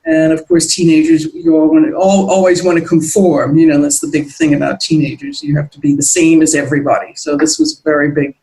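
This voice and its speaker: A woman's voice: sits low, fairly even intonation, fairly quick, few pauses, dark tone, low-quality recording. A middle-aged American woman being interviewed as a guest, talking in a reflective, meandering way with many restarts. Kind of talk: casual interview chat.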